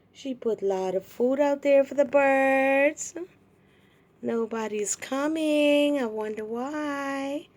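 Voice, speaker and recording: A woman filming her kitten and talking to it in sing-song baby talk, asking it many gentle questions. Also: high-pitched. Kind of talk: cooing pet talk.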